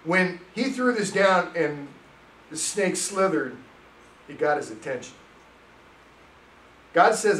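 A male pastor preaching a sermon, reading scripture and telling stories in an animated way. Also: fairly high pitch, takes it slowly, pauses often, reverberant, far from the mic, a little hiss or hum, poor audio. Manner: animated storytelling, reads scripture aloud. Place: church sanctuary.

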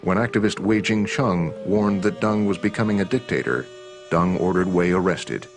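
Deep-voiced male documentary narrator. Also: moderate pace, vocal fry, faint music behind.

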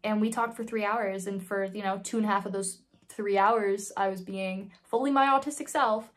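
A woman's voice: mid-range voice, fairly even intonation, moderate pace. A woman in her twenties telling a personal story casually, candid and swearing freely. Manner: candid, swears freely, acts out quoted voices. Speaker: vlogger.

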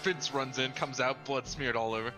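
A man's voice: medium pitch, steady tone, normal speed, over music. A man with a Wisconsin accent making dry, wisecracking remarks during a game stream. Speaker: stream co-host. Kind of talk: casual game chat.

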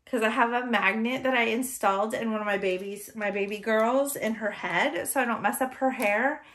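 A woman's voice: fairly high pitch, moderate pace, fairly bright tone. A woman hosting an unboxing vlog, gushing with gasps and effusive thanks, teary-eyed and emotional. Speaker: reborn doll artist and channel host.

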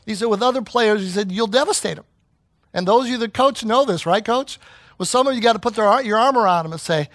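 In a dry recording, a middle-aged pastor speaks fast in a high-pitched voice. He's an animated storyteller, and his sermon includes him acting out the voices he quotes.

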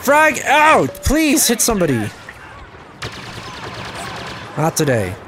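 Animated young man commenting on gameplay. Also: takes it slowly, noisy background. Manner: animated, self-mocking, yelps high when losing. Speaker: gaming channel host. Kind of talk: casual game commentary. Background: game music and gunfire.

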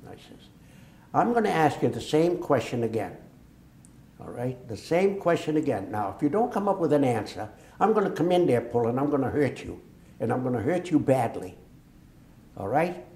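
Speaking at normal speed in a mid-range voice, an older man from Massachusetts gives an oral history of his war experiences. This veteran interviewee tells the stories with liveliness, playing out the quoted dialogue, in an echoey room.

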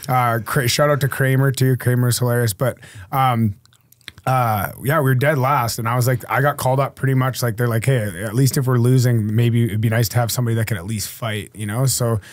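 A man's voice: mid-range voice, steady tone, a little fast, no echo, studio quality. A man in his thirties, a hockey player guest, telling stories in casual chat and acting out the lines of the people in them. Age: 30s. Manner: laid-back, acts out quoted lines in his stories. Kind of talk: casual storytelling.

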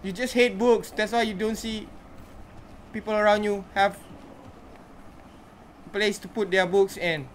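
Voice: mid-range voice, fairly even intonation, a little slow, long pauses, a little hiss or hum. Chatty gamer reacting to play. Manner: chatty, talks to game characters, reacts aloud. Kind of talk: casual gameplay commentary.

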